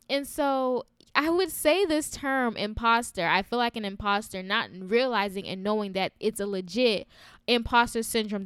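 A woman's voice: mid-range voice, a bit bright, clear, resonant tone, dry recording, clean studio sound. A young adult woman hosts a faith-based podcast, talking candidly in a chatty way with many fillers and frequent laughs. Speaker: podcast host.

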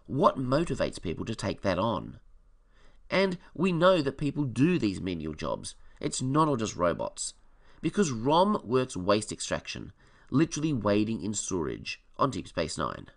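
Lively, gravelly-voiced man reviewing films. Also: fairly low pitch, measured pace. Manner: enthusiastic fan, opinionated asides. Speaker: film reviewer. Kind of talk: casual review commentary.

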